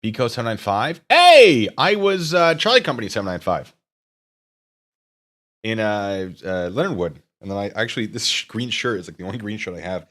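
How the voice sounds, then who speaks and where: A man's voice: lowish voice, lively intonation, brisk, fairly bright tone. Rambling, self-mocking man streamer. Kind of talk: casual live-stream chat. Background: instrumental music.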